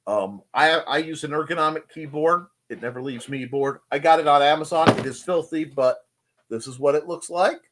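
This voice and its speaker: A man's voice: on the high side, moderate pace, fairly bright tone, slight background noise. A man hosting a casual live stream from his home desk, rambling and joking and greeting people in the chat. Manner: rambling, jokey, greets chatters.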